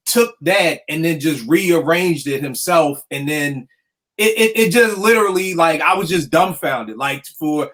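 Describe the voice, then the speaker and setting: Man, producer host, casual chat, animated slangy storytelling, slightly high voice. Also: a little slow. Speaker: podcast host; hip hop producer.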